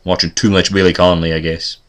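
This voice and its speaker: A man's voice: sits low, level tone, quick pace, clear, resonant tone. A man vlogging in a rambling, joking, self-deprecating casual chat.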